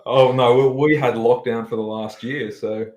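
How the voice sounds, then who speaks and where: A man, a guest vet, chatting in a relaxed way and laughing easily. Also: medium pitch, normal speed. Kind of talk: casual guest chat. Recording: echoey room on a video call.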